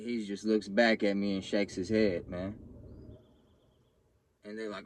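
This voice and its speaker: Low-voiced young man telling a street story. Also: flat delivery, measured pace, pauses often, darkish tone. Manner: blunt, profane street slang, acts out quotes with raised voice. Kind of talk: casual personal storytelling.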